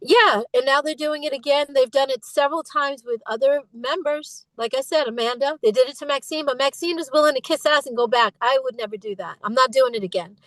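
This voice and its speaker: A woman's voice: high-pitched, brisk, few pauses, fairly bright tone, dry recording, rough recording. A middle-aged woman speaking as an interview guest, emphatic and impassioned, slipping into imitations when she retells what others said. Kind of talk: candid interview conversation.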